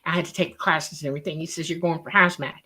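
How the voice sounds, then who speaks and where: A woman in a casual interview, telling a story with lively acted-out dialogue over a remote call. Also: low voice, very fast. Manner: lively storyteller who acts out quoted dialogue.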